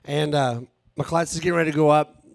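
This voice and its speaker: A man, telling a profane, animated stand-up story at a live show. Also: on the high side, quick pace, vocal fry, dry recording. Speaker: stand-up comedian. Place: live show with a small audience.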